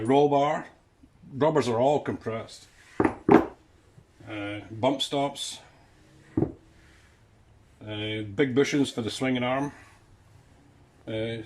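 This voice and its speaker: A man with a Scottish accent tells rambling garage stories in a relaxed, chatty way. His pitch sits in a middling range. A faint hiss of noise hangs under the recording. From Scotland. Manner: chatty storytelling, rambling asides. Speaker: classic car owner. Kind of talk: casual walkaround narration.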